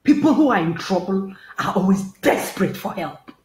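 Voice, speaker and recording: A woman preaching a sermon, with passionate shouted calls to rise up. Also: medium pitch, sing-song, moderate pace. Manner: impassioned, shouting rallying calls. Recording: echoey hall.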